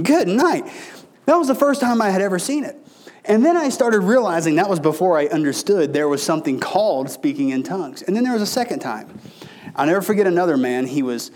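A man's voice: a little high, a little mellow. A man preaching a sermon as a pastor, telling personal stories in a folksy way and calling his listeners folks. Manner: folksy storytelling, addresses congregation as folks.

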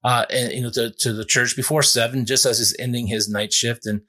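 A male pastor preaching in an earnest, conversational way as he tells a personal story. His voice sits in a middle pitch, and he often restarts his phrases as he goes. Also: fairly even intonation, brisk, sharp tone. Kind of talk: sermon storytelling.

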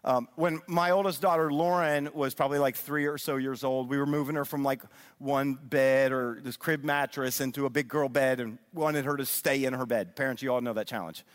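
A middle-aged man giving an animated sermon-style teaching, often checking in with his listeners. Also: mid-range voice, normal speed. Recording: long reverb of a large hall.

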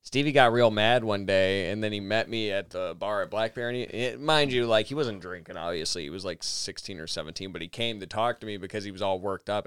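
A young man tells a rowdy, swearing story on a podcast, mimicking the people in it as he goes. His voice is smooth and clear, with big swings in pitch, and the sound is dry. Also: dry recording. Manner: loud, profane, animated, does voices in quotes. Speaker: podcast co-host. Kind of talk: casual storytelling.

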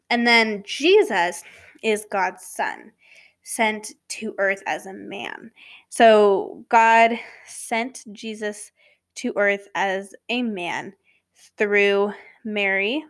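A woman hosts a casual talk about faith, speaking at an unhurried, drawn-out pace. She rambles, stops to correct herself and drifts into asides. Now and then her voice sinks to a soft whisper on a key word. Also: medium pitch. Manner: sometimes drops to a soft whisper for emphasis. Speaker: podcast host.

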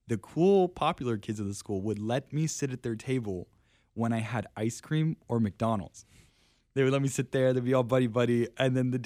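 A man's voice: mid-range voice, darkish tone, no echo, clean studio sound. A young man on a faith podcast, telling personal stories in a casual, self-deprecating way and laughing often. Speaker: podcast guest. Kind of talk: casual storytelling chat.

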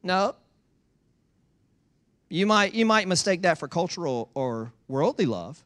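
Pastor, male, high and bright, emphatic repetitive preaching with rhetorical questions. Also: very animated, unhurried, long pauses. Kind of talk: sermon. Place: church in Georgia.

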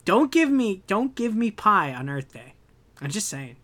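A young man talks in a casual podcast chat with a bright, forceful voice that sits a little high. He rants with animated energy and swears freely. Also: unhurried. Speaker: podcast co-host.

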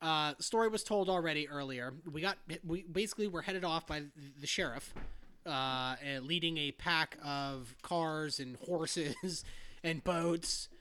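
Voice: mid-range voice, a little slow, bright, forceful tone, clean tone. A podcast host telling a rambling story in casual chat, laughing, swearing and restarting often.

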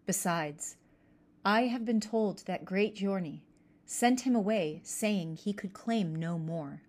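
A young boy stands firm in a storybook tale, voiced by a woman reading aloud. He speaks in a stern, clear voice at a slow, deliberate pace. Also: medium pitch, a little mellow.

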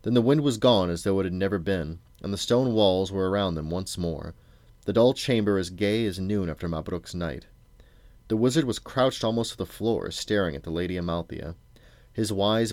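A man reading a storybook aloud to his sons in a steady, measured way. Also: deep voice, no room sound.

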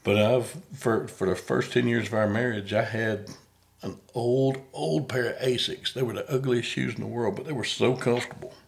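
A man's voice: medium pitch, fairly even intonation, normal speed, creaky. A middle-aged man, hosting a podcast in a folksy, rambling, self-deprecating way. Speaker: podcast host. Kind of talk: casual interview chat.

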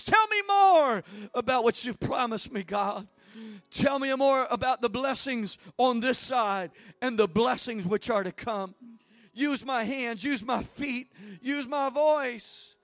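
A male preacher with a notably high voice delivers a sermon with fervent conviction. His delivery swells from teaching into loud, impassioned prayer. The sound is dry and close, with no room echo.

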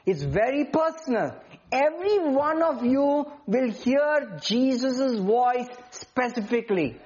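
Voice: high voice, lively intonation, slow pace, darkish tone, lo-fi sound. A preacher delivering an emphatic sermon and often asking the congregation questions.

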